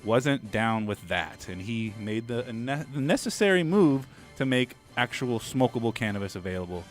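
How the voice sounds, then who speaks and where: A man's voice: medium pitch, animated, normal speed, faint music behind. A man hosting a studio radio show, reading cannabis news in a loose, joking way with frequent swearing. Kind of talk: casual radio news banter.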